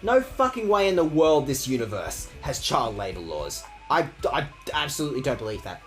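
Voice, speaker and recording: Crude, animated game streamer. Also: normal speed, soft background music. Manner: rambling, crude, self-mocking jokes, swinging pitch. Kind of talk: casual let's-play commentary.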